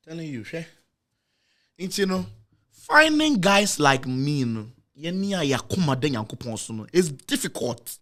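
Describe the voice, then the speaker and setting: A man's voice: sing-song, measured pace, fairly bright tone. A man with a Ghanaian accent telling an emotional personal story, repeating himself and mixing in Twi phrases. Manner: emotional, repetitive, with dramatic pitch swings. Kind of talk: emotional storytelling, switching between Twi and English.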